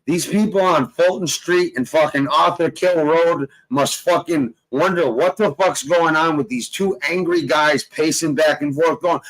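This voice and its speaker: A man talking in loud, swaggering, profane casual banter, laughing often and cursing constantly. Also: a little high, a little slow, hardly any pauses, rough recording. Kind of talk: profane casual banter on a live audio chat.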